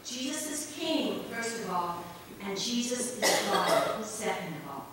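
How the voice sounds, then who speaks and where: A woman pastor preaching a sermon earnestly, swinging between emphatic lines and hushed ones. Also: a little high, very animated, a little slow, slight background noise. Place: church sanctuary. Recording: echoey church hall from far off.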